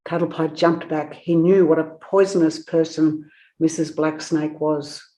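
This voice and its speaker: Woman reading a children's book aloud, expressive, lowish voice. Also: measured pace. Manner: expressive, storytelling. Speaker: narrator.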